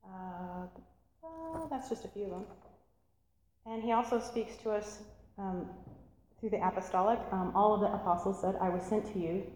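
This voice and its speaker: A woman teaching an interactive sermon, animated and laughing, asking the audience questions. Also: medium pitch, normal speed, pauses often. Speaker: church teacher. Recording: echoey hall, faint room noise.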